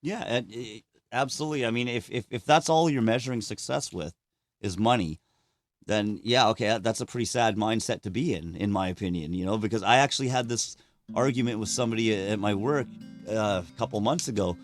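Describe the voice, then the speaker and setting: A man, a musician guest on a podcast, telling stories in a candid, profane, animated way and acting out what others said. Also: fairly low pitch, a little fast, no room sound. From Canada. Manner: candid, profane, animated storyteller who acts out quotes. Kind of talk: casual conversational storytelling.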